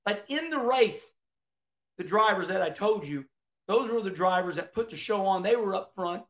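A man's voice: high voice, lively intonation, normal speed, fairly bright tone. A middle-aged man, chatting casually about a race in a folksy, rambling way, often restarting his words. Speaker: racing commentator. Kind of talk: casual video commentary.

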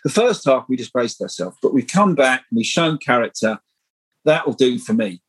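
A middle-aged man telling animated, rambling stories as a guest in a casual podcast interview. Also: medium pitch, normal speed, breathy edge, rough recording. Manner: animated, rambling anecdotal storytelling. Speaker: guest screenwriter.

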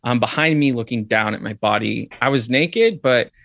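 Male guest, mid-pitch, dry close sound, reflective storytelling with frequent fillers. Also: normal speed, creaky, fairly bright tone, no room sound. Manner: reflective, lots of "like" and "um". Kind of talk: telling a personal story.

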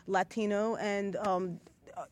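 A woman's voice: medium pitch, no echo. Chatty New York woman hosting, dry sound. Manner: chatty, expressive, quick reactions. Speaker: host, writer and performer. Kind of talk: casual interview conversation.

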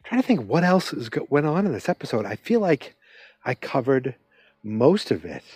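A man's voice: mid-range voice, big pitch swings, moderate pace, a little mellow, slightly rough, no room sound. A man hosting a podcast, recapping a television episode in a rambling, conversational way, with many restarts. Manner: rambling, self-interrupting, conversational. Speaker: podcast host.

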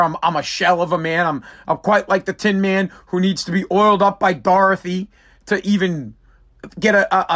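A man's voice: high voice, fairly bright tone. A tired man hosting his own podcast, ranting in a profane, exasperated, rambling way. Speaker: podcast host. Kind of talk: casual solo podcast rant.

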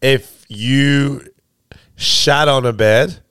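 A man's voice: mid-range voice, very slow, fairly bright tone, clear, resonant tone, no echo. A man co-hosting a casual comedy podcast, crude and laughing often, calling people bro. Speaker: podcast co-host.

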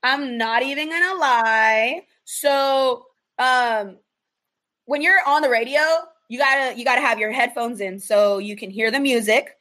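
A woman radio personality chatting casually in an interview, animated and laughing often as she acts out what people said. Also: measured pace. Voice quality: deep strong voice for a woman.

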